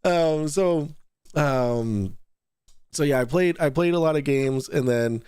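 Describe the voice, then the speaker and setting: A man hosting a casual online talk show, rambling and restarting sentences, quick to laugh. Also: on the high side, a little mellow, clear, resonant tone, no room sound. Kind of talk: casual podcast chat.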